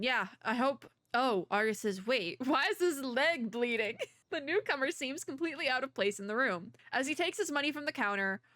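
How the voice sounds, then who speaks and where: A woman's voice: fairly high pitch, fairly bright tone, no room sound, studio quality. A woman gaming creator giving casual let's-play commentary, reading story text with chatty, laughing asides.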